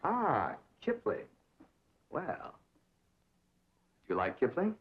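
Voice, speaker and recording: A pompous, theatrical suitor. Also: male voice, fairly high pitch, wildly swooping pitch, takes it slowly, breathy edge, exaggerated voice. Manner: grandiose and theatrical, overly elocuted. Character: pompous, affected young man playing refined gentleman. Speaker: pompous suitor teaching etiquette. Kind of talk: 1960s sitcom acting. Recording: dull old TV soundtrack with hiss.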